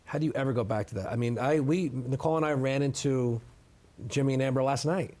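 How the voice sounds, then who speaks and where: A fast-talking middle-aged man with a mid-range, somewhat mellow voice is the guest in a seated interview. He emphatically relates his account, often slipping in "okay?" to press his points.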